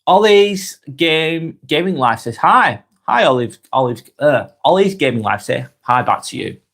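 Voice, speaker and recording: A man in his forties with a Northwest English accent, getting over a cold, reading out viewers' comments and chatting back in a relaxed, friendly way. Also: on the high side, unhurried. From Northwest England. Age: 40s. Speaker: live stream host reading comments. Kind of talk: casual live chat.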